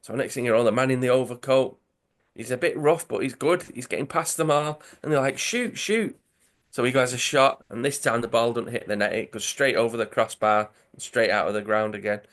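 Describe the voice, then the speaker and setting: Sex: man. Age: adult. Role: podcast co-host. Style: casual, animated comic-story retelling over a video call. Pitch: middle. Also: brisk. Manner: animated, acts out characters' lines.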